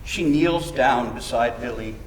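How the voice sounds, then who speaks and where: A man narrating a musical's story on stage in a dramatic, deliberate storytelling manner. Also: mid-range voice, far from the mic. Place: concert hall. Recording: roomy hall with faint noise.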